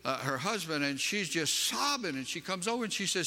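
A man with a Western North Carolina Southern accent preaches, his voice bright and forceful and a little high. He tells a story emphatically, climbing in pitch as it builds. A long hall echo trails each phrase. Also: very animated, moderate pace, hardly any pauses. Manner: emphatic storytelling, rising sharply in pitch when telling a story. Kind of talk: sermon with personal story.

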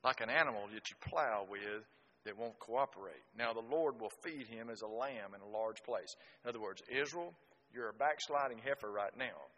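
A man preaching a sermon, telling folksy stories that swing from loud exclamations to quiet asides. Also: mid-range voice, moderate pace, highs cut off. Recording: reverberant hall.

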